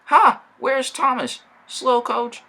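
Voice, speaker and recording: A man putting on a boastful young engine, high and gravelly. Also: sing-song, normal speed, heavily acted. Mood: gleeful. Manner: bragging, loud exclamations. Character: boastful red male tank engine, vain.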